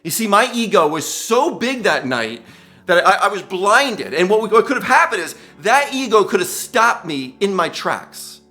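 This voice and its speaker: A man's voice: sits high, very animated, a little slow, pushed and bright. A middle-aged man giving a gushing motivational commencement speech, exclaiming often and calling listeners guys. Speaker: commencement speaker.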